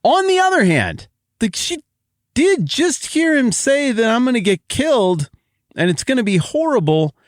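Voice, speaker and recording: A man hosting a Bible podcast, teaching in a joking, animated way that swings from excited to quiet. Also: very high voice, moderate pace, no echo, clean studio sound.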